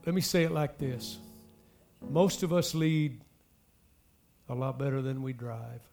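A man preaching a sermon, speaking straight to the congregation with emphatic swells and soft drops. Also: mid-range voice, unhurried, creaky, soft background music. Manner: addresses the congregation directly. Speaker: pastor.

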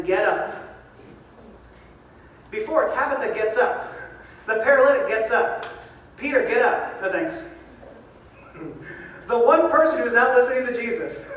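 A man preaching a sermon as pastor, lively and joking, recorded from a distance in a large church hall. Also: high-pitched, slight background noise. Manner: lively, joking preacher who acts out voices. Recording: echoey hall from far off.

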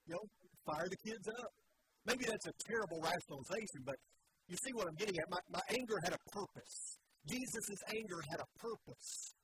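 A man's voice: high voice, background noise. A middle-aged man preaching a sermon as pastor, earnest and conversational, asking the listeners questions.

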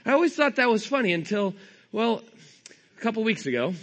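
A man's voice: sits high, sing-song, a little fast, a bit bright. A man in his thirties from California preaching a sermon, telling a humorous self-deprecating family story. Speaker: pastor.

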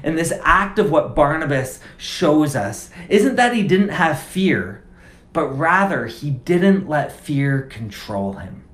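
A man's voice: a little high, sing-song, slow pace, a bit bright. A man preaching a sermon as pastor, conversational and casual, driving points home through repeated phrases. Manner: conversational, emphatic repetition. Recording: roomy echo.

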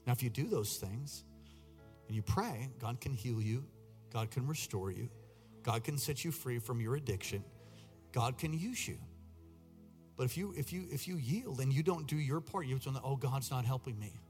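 A male pastor preaching a sermon, exhorting the congregation and rising to loud, urgent peaks. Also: mid-range voice, animated, normal speed. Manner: exhorting, repeats lines, rises to near-shouted peaks. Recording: long hall reverb, faint music behind.

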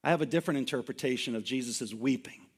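A man's voice: medium pitch, fast, husky. A male pastor preaching a sermon in an emphatic, conversational way, full of rhetorical questions and asides.

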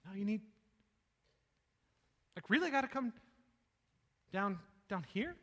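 A man preaching a sermon with passion, swinging between hushed lines and loud ones and often repeating his words. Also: sits high, animated, slow pace. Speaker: pastor. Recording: long reverb of a large hall.

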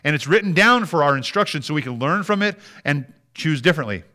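A man's voice: a little high, lively intonation, fairly quick, pushed and bright. A man preaching a sermon in a conversational way, often restarting words and acting out prayers. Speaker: pastor.

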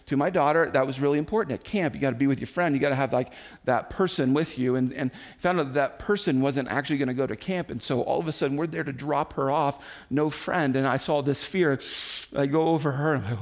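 A man in his forties preaching a sermon, telling the story in an animated way and acting out the quotes himself. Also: medium pitch, fast, hardly any pauses. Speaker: pastor.

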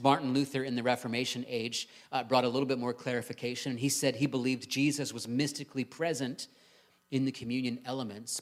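A man, a pastor, preaching a sermon in a church, talking conversationally and asking the congregation rhetorical questions. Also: mid-range voice.

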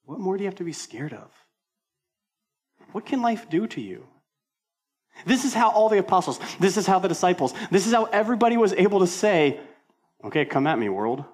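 A male senior pastor delivering a sermon in an animated, conversational way, with emphatic repetition and self-deprecating humor. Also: sits high, brisk, pauses often.

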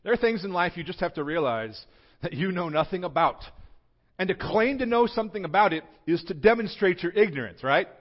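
Man, pastor, conversational humorous sermon, slightly high voice, muffled lo-fi recording. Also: expressive, fairly quick. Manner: conversational, humorous, swings between loud emphasis and quiet. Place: church sanctuary.

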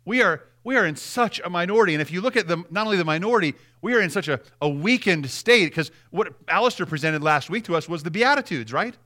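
A man's voice: high-pitched, expressive, fast talker, few pauses, sharp tone. A man preaching a sermon, emphatic and direct, repeating key phrases and speaking straight to the congregation.

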